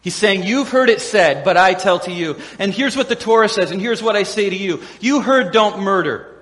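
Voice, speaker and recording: A man preaching a sermon as pastor, animated and laughing often as he acts out the voices of crowds and quotes. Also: sits high, moderate pace. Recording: echoey hall with long reverb.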